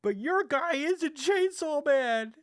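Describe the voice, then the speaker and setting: A man voicing a brash teenage boy hero who yells in a high, whiny voice while recapping a comic. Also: animated, takes it slowly, no echo, studio quality, full character voice. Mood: indignant. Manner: yelling, whiny, high-pitched.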